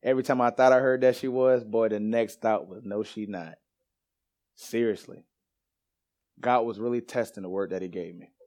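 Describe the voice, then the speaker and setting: A man delivers a sermon in a church, his voice sitting a little low. He tells a personal story in a loose, animated way, laughing and dropping casual slang, then moves into scripture. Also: normal speed. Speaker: preacher. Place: church sanctuary.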